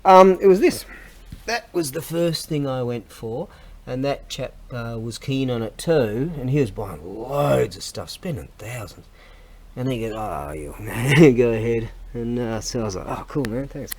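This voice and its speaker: A man's voice: medium pitch, animated, unhurried, darkish tone. A man, chatting casually in a rambling, self-interrupting vlog. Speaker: vlogger.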